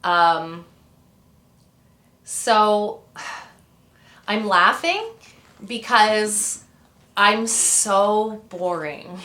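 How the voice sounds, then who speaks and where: Here a Canadian woman in her thirties, from Ontario, chats as a guest on an interview, wandering through anecdotes with plenty of fillers and side trips. Her medium-pitched voice is pushed and bright, captured in a roomy space.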